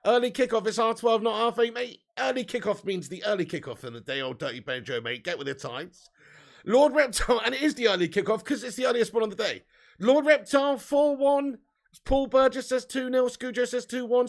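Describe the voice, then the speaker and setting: Man, high voice, heavy vocal fry, football fan host, live watch-along chat, banter, reading out chat names.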